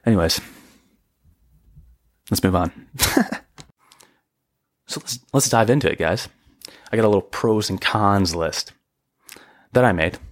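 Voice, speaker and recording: A young man hosting a podcast, ranting in exasperation and jumping into sudden high-pitched outbursts. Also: no room sound, clean studio sound. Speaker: podcast host. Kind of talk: comedic solo podcast rant. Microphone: podcast microphone.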